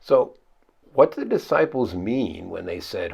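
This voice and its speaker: Gravelly low-voiced man preaching a conversational sermon. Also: sing-song, unhurried, a little mellow. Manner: thinking aloud, restarting phrases, posing questions. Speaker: pastor. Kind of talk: conversational Bible study sermon. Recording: dull lo-fi recording.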